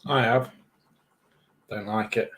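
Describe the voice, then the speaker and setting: A man's voice: fairly low pitch, steady tone, takes it slowly, a bit bright, slight background noise. A man co-hosting a casual livestream, chiming in with short, blunt, dry quips. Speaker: co-host. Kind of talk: casual chat.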